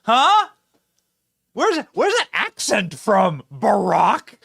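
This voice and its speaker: A man's voice: high-pitched, sing-song, a little slow, fairly bright tone. A male host giving mocking, sarcastic political commentary.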